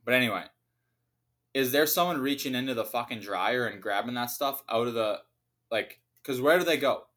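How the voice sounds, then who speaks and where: A man's voice: medium pitch, moderate pace, fairly bright tone. Profane ranting man hosting a podcast. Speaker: podcast host. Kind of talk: casual solo podcast rant.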